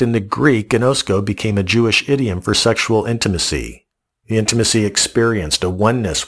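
A man preaching a devotional sermon, speaking in measured, repeated phrases and often restarting his words. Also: on the low side, a bit bright. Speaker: pastor.

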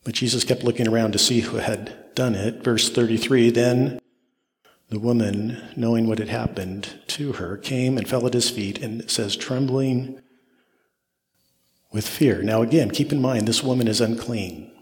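A man's voice: medium pitch, fairly even intonation, moderate pace. A man preaching an expository sermon, repeating phrases for emphasis as his intensity rises and falls. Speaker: pastor. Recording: long reverb of a large hall.

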